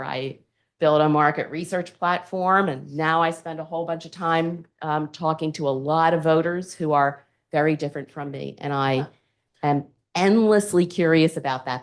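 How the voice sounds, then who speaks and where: A woman, an alumna panelist telling lively stories and acting out the people in them. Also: low-pitched. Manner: animated storyteller acting out quotes. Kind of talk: storytelling on a panel.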